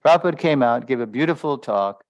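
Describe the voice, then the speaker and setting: A man's voice: mid-range voice, lively intonation, fast, dry recording. A man giving a spiritual lesson as a story, talking loosely with many fillers and small chuckles. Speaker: spiritual teacher. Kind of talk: storytelling lecture.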